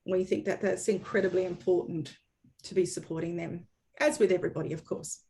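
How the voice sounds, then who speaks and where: A woman's voice: fairly low pitch, steady tone, a little fast, creaky, warm tone. A woman hosting an online training session, talking in an upbeat, chatty and welcoming way. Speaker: webinar host for a dairy company.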